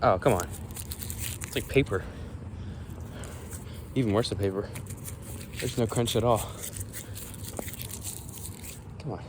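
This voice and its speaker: A man's voice: on the low side, normal speed. A man vlogging while he walks and jogs outdoors, out of breath, rambling and humming made-up lyrics. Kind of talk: casual walk-and-talk vlog. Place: outdoors, walking and jogging. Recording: noisy outdoor ambience.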